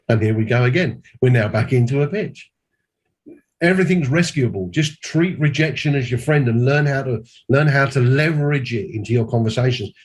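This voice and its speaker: Husky man giving an emphatic mentoring talk. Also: medium pitch, darkish tone. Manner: emphatic, repeats key points. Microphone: call audio.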